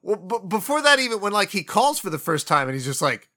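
A man with a fairly high, bright voice talks casually about a film he loves. He is animated and swears freely as he retells scenes. His tone is light and forward. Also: fast talker. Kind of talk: casual movie discussion.

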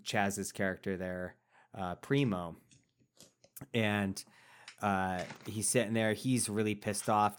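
A man casually discussing a comedy film, excitable, swearing and acting out quotes loudly. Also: lowish voice, clear, resonant tone.

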